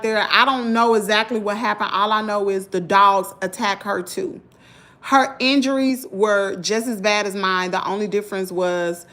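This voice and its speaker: A woman with a Southern American accent telling a story to her viewers in an animated, indignant vlog. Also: mid-range voice. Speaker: vlogger.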